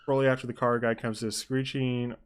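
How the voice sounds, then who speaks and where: A man's voice: mid-range voice, level tone, a little fast. A young man live-streaming, reading out a role-play story and breaking off into rambling asides about his chat. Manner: rambling asides, mixes narration with chat comments.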